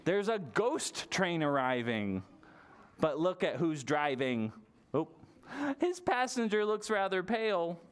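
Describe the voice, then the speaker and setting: Lively, animated storytime reader. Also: mid-range voice, slow, smooth. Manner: animated and playful, with gasps and exaggerated sounds for small children. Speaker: library storytime leader. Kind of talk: toddler storytime, reading a picture book aloud. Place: public library storytime session.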